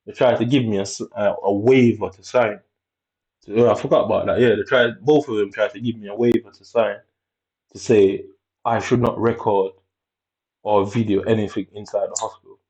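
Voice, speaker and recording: A man telling a personal story in blunt, profane casual talk, voicing other people's lines with sudden high jumps. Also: steady tone, moderate pace, darkish tone. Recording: dull lo-fi recording.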